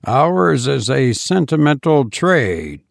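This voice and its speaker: Man reading a suave, measured undertaker, slow, gravelly, politely sinister, storybook style. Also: medium pitch, big pitch swings, no echo, clean studio sound, full character voice. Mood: suave, pleasant.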